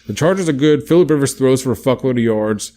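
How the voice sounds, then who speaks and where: A man's voice: mid-range voice, animated, fast talker, mellow. A man co-hosting a podcast, chatting casually and a bit profanely while he runs through his football picks and odds. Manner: profane, laid-back, reads off picks and odds. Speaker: podcast co-host. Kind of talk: casual sports chat.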